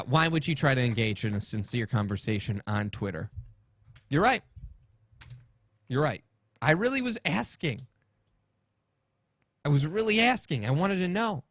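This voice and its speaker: A man's voice: mid-range voice, fairly bright tone. A man hosting a podcast, telling a rambling story in a casual, swearing rant. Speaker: podcast host.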